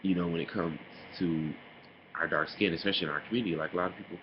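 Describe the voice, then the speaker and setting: Low-voiced guy going off sassy in a vlog, lo-fi muffled sound with hiss behind. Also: very fast. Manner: sassy, animated, mocking impressions. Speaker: vlogger. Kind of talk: casual opinion monologue. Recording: dull lo-fi home recording with noise.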